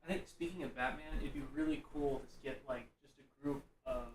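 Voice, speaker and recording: A man's voice: medium pitch, brisk, slight background noise. A man co-hosting a live stream, chatting casually and chiming in with easygoing remarks. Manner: easygoing, chimes in briefly. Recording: roomy, distant mic on a stream.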